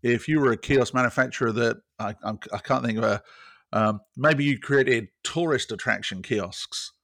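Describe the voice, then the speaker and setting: A man's voice: medium pitch, normal speed, vocal fry, a bit bright, no room sound, studio quality. A British man talking as a technology guest, explaining scenarios step by step in casual conversation. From Britain. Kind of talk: casual interview chat.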